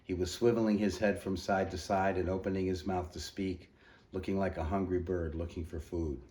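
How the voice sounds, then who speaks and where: A man with a very low voice reads a short story aloud. His delivery is steady and measured, the plain pace of a storyteller. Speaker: story reader.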